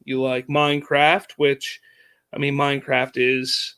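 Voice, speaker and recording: A man's voice: mid-range voice, flat delivery, unhurried, sharp tone, smooth. A man in his thirties hosting a casual family chat as a father, easygoing and joking, chuckling often. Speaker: podcast host and father.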